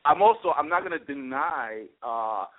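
A man's voice: a little high, lively intonation, normal speed. A man hosting a talk radio interview, repeating and restarting his words often. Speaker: radio host. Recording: tinny phone-line sound.

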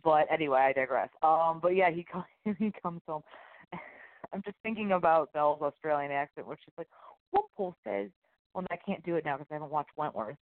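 A man co-hosting a casual TV review podcast, rambling and animated, often dropping into silly accents. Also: fairly high pitch, fairly quick, no echo. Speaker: podcast co-host. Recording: tinny phone-like audio.

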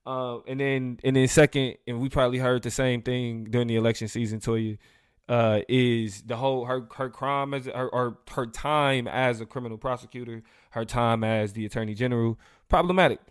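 Guy cohosting a chat show, smooth clear voice, dry close sound, lots of uhs and ums. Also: mid-range voice, normal speed, dry recording. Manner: loose and animated, frequent fillers, laughs while talking. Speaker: podcast co-host. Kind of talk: casual live-show discussion.

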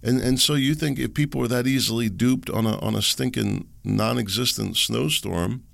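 A man's voice: mid-range voice, normal speed, gravelly, fairly bright tone, no room sound. A middle-aged man hosting a solo podcast, rambling and ranting sarcastically, chuckling at his own asides. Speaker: podcast host.

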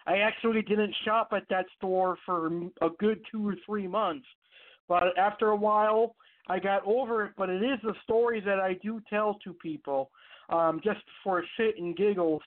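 A man's voice: sits high, normal speed. A man hosting an online radio show, telling a personal story in a rambling, casual way with many fillers and restarts. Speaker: podcast host. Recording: tinny phone-line sound.

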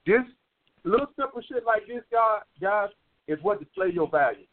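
A man's voice: high-pitched, lively intonation, moderate pace. Blunt, profane man on lo-fi radio. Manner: blunt, profane, repetitive lecturing. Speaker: dating advice host. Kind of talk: call-in radio advice talk. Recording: phone-like lo-fi radio sound.

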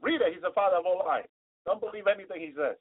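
A man's voice: high-pitched, fast talker, husky. A man preaching a fervent sermon, exhorting listeners to pray for healing. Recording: tinny phone-like broadcast audio.

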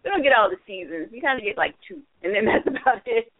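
A woman's voice: mid-range voice, big pitch swings, fast, no room sound. A woman co-hosting a casual chat, gushing and repeating phrases, often laughing. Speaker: co-host. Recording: tinny phone line, dry.

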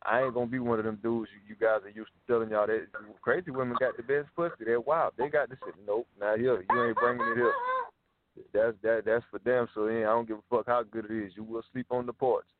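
A man's voice: mid-range voice, fairly even intonation, fast, dry recording. A man co-hosting a casual podcast chat, blunt, insistent and profane. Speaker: podcast co-host. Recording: dry, tinny phone-like sound.

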